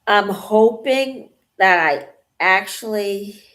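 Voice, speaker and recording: A woman vlogging casually as she paints, out of breath and rambling with many pauses, thinking aloud. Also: mid-range voice, a bit bright. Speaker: channel host. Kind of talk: casual vlog while painting.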